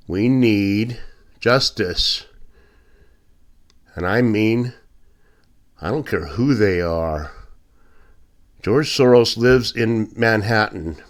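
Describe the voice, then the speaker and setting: A man delivering a blunt, indignant opinion monologue as a podcast host, with sarcastic asides. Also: on the low side. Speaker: political commentator.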